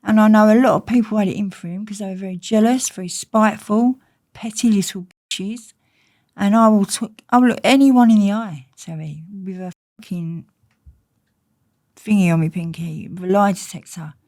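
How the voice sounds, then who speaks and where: A woman's voice: mid-range voice, steady tone, moderate pace, a little mellow. A woman with an Essex accent, an interview guest telling stories bluntly and swearing freely. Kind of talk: candid casual storytelling.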